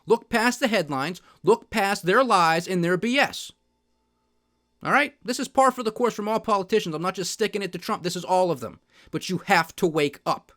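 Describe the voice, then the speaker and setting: Sardonic male podcast host, higher voice, emphatic solo rant on markets. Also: expressive, a little fast, fairly bright tone. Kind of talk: solo political and market commentary.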